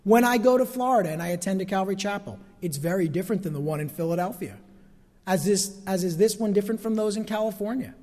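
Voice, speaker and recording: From the pulpit of a church sanctuary, a pastor preaches a sermon in a high-pitched, warm voice, talking fast. He's emphatic, stretches key phrases and asks the congregation for amens, all in long hall reverb.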